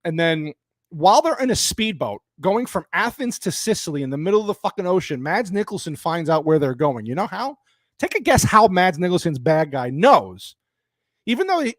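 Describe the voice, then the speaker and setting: A man with a high, very lively voice tears into a film in a profane, exasperated rant. He sounds close and dry, with little room sound around him. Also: dry recording. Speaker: movie reviewer. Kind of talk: ranting film review.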